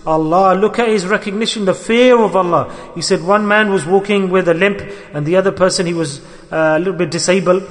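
High-voiced preacher in a reverberant hall. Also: male voice, fairly quick. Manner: earnest, exhorting, swings between loud emphasis and soft asides. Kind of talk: religious sermon.

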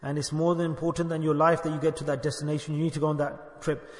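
A man's voice: a little high, level tone, fast talker, roomy sound, big-room sound. A man giving a sermon as a spiritual teacher, asking the listeners questions and acting out little dialogues. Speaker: sufi shaykh preacher.

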